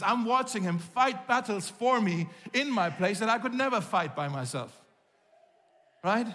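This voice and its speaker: High-voiced pastor preaching in a reverberant hall. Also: male voice. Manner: storytelling, animated, acts out quoted voices. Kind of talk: sermon. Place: church hall. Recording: long reverb of a large hall.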